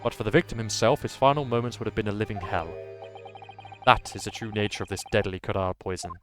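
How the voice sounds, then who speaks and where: A man voicing a knowledgeable young woman who explains things in a measured way. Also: fairly low pitch, fairly even intonation, fairly bright tone, soft background music, natural voice. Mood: grave.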